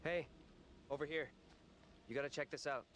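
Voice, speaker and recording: An actor as a calm, blunt young man. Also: a little high, normal speed, soft background music, natural voice. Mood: steady. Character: steady young man in a horror game.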